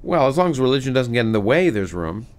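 A middle-aged man, a physicist guest, talking animatedly in an interview with many restarts. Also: medium pitch. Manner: animated, many restarts, reads a passage slowly. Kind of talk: conversational interview.

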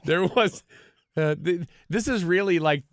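A man's voice: high-pitched, unhurried, no room sound, clean studio sound. A man co-hosting a radio talk show with a stuffy, sniffly nose, rambling and laughing. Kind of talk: casual chat.

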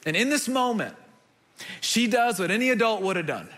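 Bright high-voiced man preaching. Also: normal speed. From United States. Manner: animated storytelling, acts out quoted voices. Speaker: pastor. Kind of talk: sermon.

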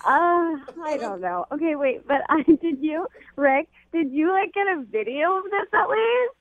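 A woman's voice: high-pitched, expressive, a little slow, phone-quality sound, a crowd in the background. A woman on a radio call, talking in a giggly, flippant way. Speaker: caller.

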